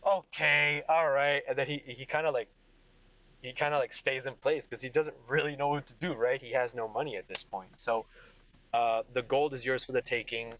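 A man narrating a tabletop game as game master, telling the story with animated energy. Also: mid-range voice, brisk, lo-fi sound.

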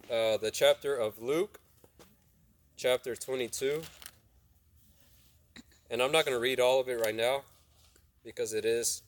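A young man preaching a casual sermon, retelling a Bible story in plain talk, asking his listeners questions and acting out the lines of the people in it. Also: medium pitch. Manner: conversational, asks the audience questions, acts out dialogue. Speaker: youth preacher.

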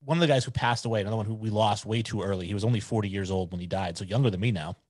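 A man's voice: on the low side, rapid-fire, darkish tone, no room sound. A man in his forties, a podcast guest chatting casually in an easygoing, opinionated way.

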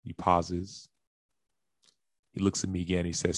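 Deep-voiced man telling a personal story. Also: monotone, unhurried, pauses often, no room sound. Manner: earnest, acts out quoted lines and gasps. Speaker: professional athlete sharing his story.

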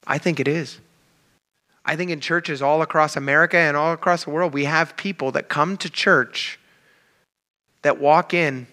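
Bright-voiced man preaching conversationally. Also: on the high side. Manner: conversational, addresses the crowd as "you guys". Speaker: pastor. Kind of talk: sermon.

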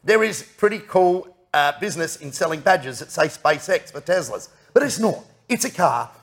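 Aussie bloke hosting, middle-aged, husky gravelly voice, jokey and rambly. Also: male voice, on the high side, expressive, moderate pace. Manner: jokey, rambling, laughs often. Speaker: podcast host. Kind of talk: casual banter.

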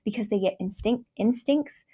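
A woman's voice: on the high side, normal speed, warm tone, breathy edge. A young woman giving a frank, rambling casual monologue, full of "like" fillers and swearing. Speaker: astrology content creator.

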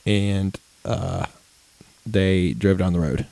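A man's voice: sits low, steady tone, slow pace, vocal fry, dark tone, dry recording. A man co-hosting a casual podcast chat, crude and joking, laughing often. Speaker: podcast co-host.

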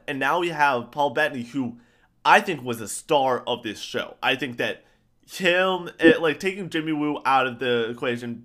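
Rambling excitable man. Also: medium pitch. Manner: excited, rambling, repeats himself. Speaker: podcast co-host. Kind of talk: casual pop-culture chat.

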